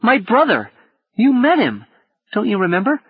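A man's voice: very high voice, very animated, unhurried, husky, dry recording, narrow, tinny audio, pitched above the performer's own voice, full character voice. A man voicing a frightened, eager young boy adrift after a shipwreck.

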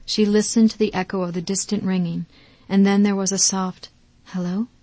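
A woman narrating an audiobook in a measured, calm way. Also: mid-range voice, dry recording. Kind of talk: scripted narration.

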